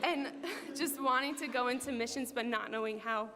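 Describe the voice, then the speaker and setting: A woman's voice: a little high, fairly even intonation, moderate pace, bright, forceful tone. A young woman from New Jersey giving an earnest, heartfelt church testimony, with frequent ums and likes. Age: young adult. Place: church hall. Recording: hall reverb with faint hum.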